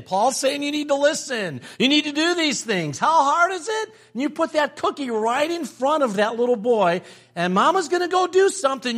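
A man's voice: very high-pitched, normal speed. An older man preaching a sermon, telling stories and repeating phrases for emphasis. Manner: animated storytelling with emphatic repetition. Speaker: pastor.

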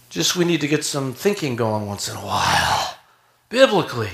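A man preaching a lively sermon in a church, energetic and animated, often shouting and acting out quotes. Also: medium pitch, moderate pace, creaky, reverberant. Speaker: pastor. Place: church sanctuary.

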